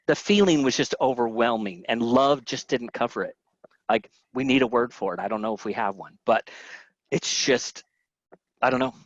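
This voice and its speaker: A man's voice: medium pitch, no echo, dull audio. A man giving a casual, conversational webinar talk, asking his audience questions, with fillers and restarts. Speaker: webinar presenter.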